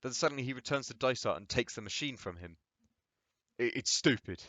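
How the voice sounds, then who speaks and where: A man's voice: medium pitch, lively intonation, quick pace, sharp tone, no room sound. A man reading a play aloud, delivering the stage directions plainly and steadily. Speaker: reader.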